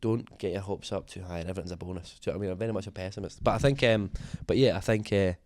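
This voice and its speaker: A man's voice: low voice, very fast, a little mellow. A man being interviewed as a singer, talking casually in a rambling, self-deprecating way with many fillers and restarts.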